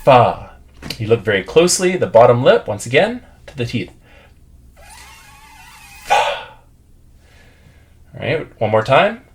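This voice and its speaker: A man's voice: mid-range voice, sing-song, a little fast. A man teaching English pronunciation, patiently drilling words and having learners repeat after him.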